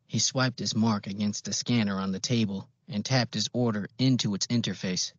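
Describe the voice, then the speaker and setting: A man reading a novel aloud as an audiobook narrator, in a measured, even way. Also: on the low side, no room sound. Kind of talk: scripted narration. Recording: dull, dry lo-fi recording.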